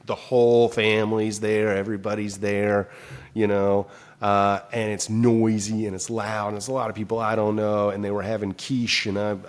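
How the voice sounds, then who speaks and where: A man as a guest psychologist in an interview, telling a personal story and acting out his own inner dialogue, with loose phrasing and many fillers. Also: lowish voice. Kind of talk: conversational explanation.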